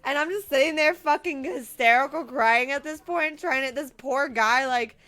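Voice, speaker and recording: A woman's voice: sits high, normal speed, bright, forceful tone. A woman in her late twenties, a streamer telling viewers about her day in an emotional, rambling way, laughing through tears. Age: late 20s. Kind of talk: casual storytelling to viewers.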